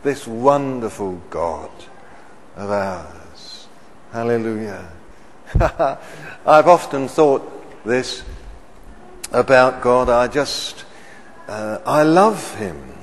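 Man preaching slow in a big echoey church hall, keeps asking the crowd questions, gets loud on key words. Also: mid-range voice, animated, slight background noise. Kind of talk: sermon.

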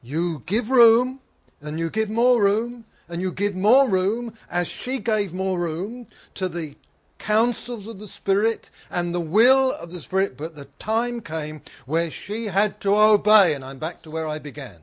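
A man's voice: high-pitched, lively intonation, measured pace. A man preaching a sermon. He is earnest, repeats phrases for emphasis and asks his listeners questions.

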